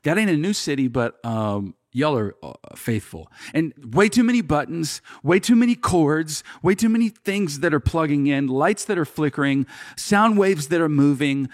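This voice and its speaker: A man's voice: on the high side, lively intonation, moderate pace, hardly any pauses, dry recording, clean studio sound. A man from Oklahoma with a slight drawl, hosting a podcast in an upbeat, rambling way. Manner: upbeat, chatty, rambling with fillers. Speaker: podcast host. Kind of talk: casual podcast chat.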